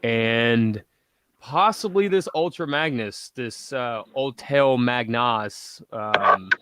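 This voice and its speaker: A man's voice: mid-range voice, slow, a bit bright, slight background noise. A man chatting casually as a guest on a live stream, jokey and talkative. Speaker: guest reviewer.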